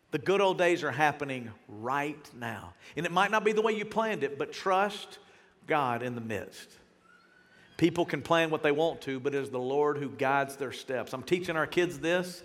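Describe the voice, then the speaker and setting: A man's voice: a little high, a bit bright. Pastor in his forties, earnest and chatty from the pulpit, in a reverberant hall. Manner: earnest, conversational preaching. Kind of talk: sermon.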